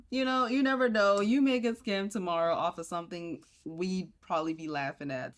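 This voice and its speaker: A woman hosting a reaction commentary, speaking frankly and moralizing straight to her viewers. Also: lowish voice. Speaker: commentary host.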